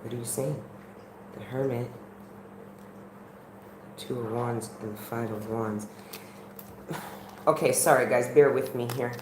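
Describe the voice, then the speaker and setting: A tarot reader streams from her country home, talking earnestly and chattily straight to viewers through a live-stream camera. Her bass voice is fairly even in intonation, a little slow, with frequent pauses. The sound is roomy, with faint background noise.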